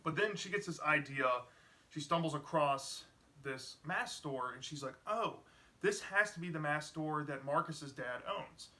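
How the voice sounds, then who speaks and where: A man's voice: mid-range voice, sharp tone. A man casually retelling a book's plot as a reviewer, rambling with lots of fillers. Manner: rambling, many "you know" fillers. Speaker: book reviewer.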